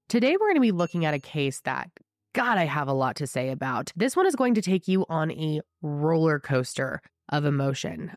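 A woman's voice: low-pitched, darkish tone, no room sound, studio quality. A young woman with a cold, hosting a true crime show in a scratchy, congested voice, telling the story with emphatic, indignant asides.

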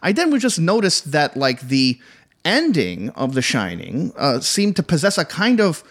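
Halting film-talk man, many fillers. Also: a little high, huge pitch swings, a bit bright. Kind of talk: casual chat.

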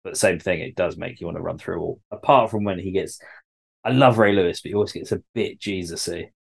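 A man's voice: low voice, brisk, creaky, slightly rough. A man co-hosting a podcast, chatting casually, rambling and laughing often. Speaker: podcast co-host. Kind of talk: casual chat.

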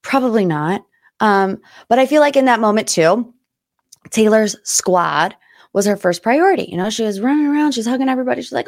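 A woman's voice: medium pitch, animated, moderate pace, creaky, dry recording, studio quality. Chatty gossiping woman podcast host. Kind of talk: casual pop culture chat.

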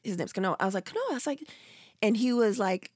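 A woman's voice: medium pitch, quick pace, dry recording, clean studio sound. A woman telling a story in casual chat, swearing freely and acting out what others said. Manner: animated, profane, acts out quotes.

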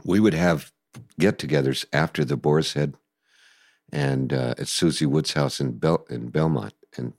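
An older man telling stories in a casual interview, animated and acting out voices and sounds. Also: a bass voice, a little slow, vocal fry, no echo, clean studio sound. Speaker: guest musician recalling the past.

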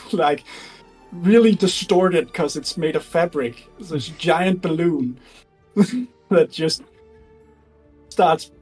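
A man runs a tabletop game as its game master, with an animated, laughing delivery broken up by fillers. His voice sits a little high and sounds husky. He takes his time, drawing out the big moments. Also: very slow, long pauses, faint music behind, poor audio.

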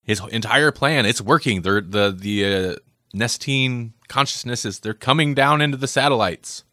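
A man's voice: medium pitch, moderate pace, bright, forceful tone, dry recording, clean studio sound. A man co-hosting a comic book podcast, chatting casually and rambling with lots of "like". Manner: rambling, with lots of "like" and self-deprecating laughs. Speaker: podcast co-host. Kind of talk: casual chat.

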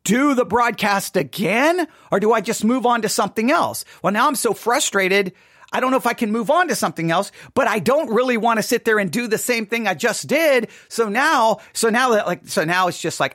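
A man hosting his own podcast, telling a story in an animated, self-mocking way. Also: high-pitched, moderate pace, no echo, clean studio sound. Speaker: podcast host. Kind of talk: casual monologue. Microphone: studio mic.

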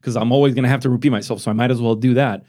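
A man's voice: mid-range voice, fairly even intonation, racing, dark tone. A man from Romania, a non-native English speaker, hosting a casual podcast chat, rambling and self-deprecating, swearing freely. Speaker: podcast host. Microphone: podcast microphone.

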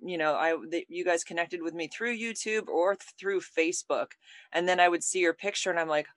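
A woman's voice: on the low side, animated, normal speed, a bit bright, no echo. Chatty woman podcast host, dry sound. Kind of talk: casual interview chat.

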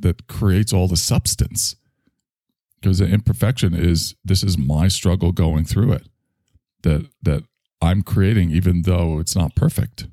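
A man's voice: deep voice, dark tone, no room sound, clean studio sound. A man hosting a stream, talking in a rambling, self-reflective way and swearing freely. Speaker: stream host. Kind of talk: casual monologue to an online audience.

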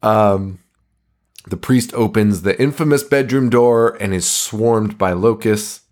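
A man's voice: on the low side, slow pace. A man casually retelling a movie's plot on a podcast, swearing and laughing as he goes. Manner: animated, swearing, laughing while retelling scenes. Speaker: podcast co-host. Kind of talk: casual movie recap chat.

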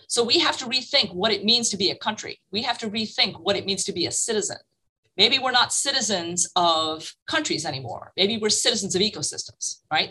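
A woman speaking as a guest expert in an interview, talking in an energetic, emphatic way. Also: mid-range voice, husky, low-quality recording. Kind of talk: casual interview conversation.

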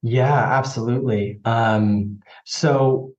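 A man's voice: mid-range voice, steady tone, slow, darkish tone. A man as a podcast guest, telling a personal story in an earnest, reflective way with frequent restarts. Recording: slightly dull lo-fi audio.

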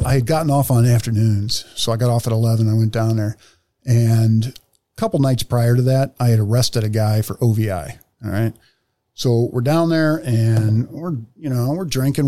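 A man co-hosting a podcast, telling old police stories in a casual, animated way, swearing and laughing often. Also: mid-range voice, moderate pace, dry recording. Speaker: podcast co-host, former police officer. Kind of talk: casual storytelling chat.

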